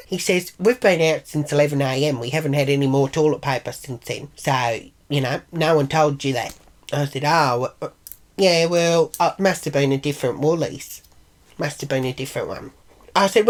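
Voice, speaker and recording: Brash, foul-mouthed Australian woman, low voice. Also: a little fast. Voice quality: brash, profane, mimics others in high voices. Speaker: vlogger. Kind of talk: casual storytelling.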